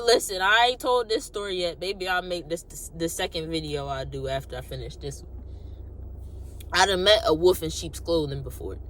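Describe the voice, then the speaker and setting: A young adult woman casually telling a personal story, animated and colloquial, acting out what people said. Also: on the low side, a little hiss or hum. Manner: animated, acts out quotes, colloquial. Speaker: vlogger.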